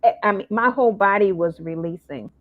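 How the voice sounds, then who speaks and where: Animated woman host on a tinny line. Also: medium pitch, fairly quick. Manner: animated, acts out quoted voices. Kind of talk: storytelling in a casual interview. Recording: phone-like narrow sound.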